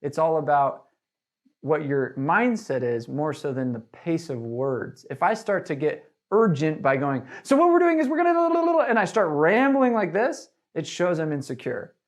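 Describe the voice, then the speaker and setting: A man teaching door-to-door sales in an energetic, casual way, with lots of fillers. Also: on the high side, measured pace. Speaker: sales trainer. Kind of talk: sales training talk.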